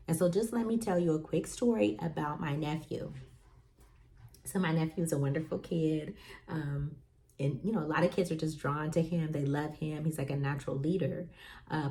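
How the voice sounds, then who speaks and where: Casting note: young adult woman host, lower voice, chatty storyteller who says "like" and "you know" a lot. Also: dark tone. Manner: chatty, storytelling with lots of fillers and acted quotes. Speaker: podcast host. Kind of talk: casual talk to parents.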